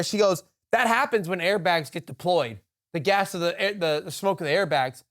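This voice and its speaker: Podcast co-host, a man with a high-pitched voice, swears freely and acts out the dialogue as he tells the story. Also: moderate pace. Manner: profane, animated anecdote with quoted dialogue. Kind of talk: casual storytelling.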